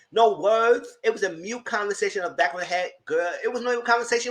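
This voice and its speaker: Animated man recapping a show. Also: moderate pace. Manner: animated, incredulous retelling with sudden high exclamations. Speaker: TV recap vlogger. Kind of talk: casual recap commentary.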